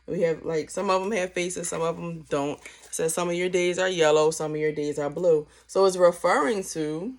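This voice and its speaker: Young woman, parenting class instructor, casual chatty delivery, a bit low-pitched. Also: moderate pace. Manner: chatty, peppered with "like", acts out questions with lively inflection.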